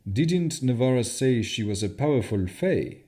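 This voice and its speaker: A man's voice: medium pitch, lively intonation, measured pace, dark tone. A narrator voicing a wary male companion who sounds blunt and skeptical.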